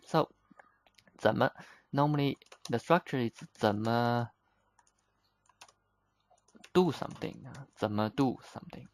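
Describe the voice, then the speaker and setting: Slow, gravelly-voiced man teaching vocabulary. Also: mid-range voice. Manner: patient, repeats words slowly, frequent "uh" fillers. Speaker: Chinese teacher. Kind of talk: vocabulary lesson explanation.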